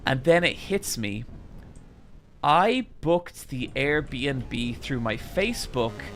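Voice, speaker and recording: Animated, bright-voiced male streamer. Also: mid-range voice, slow pace, faint music behind. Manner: animated, profane, rambling anecdote. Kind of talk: casual storytelling on stream.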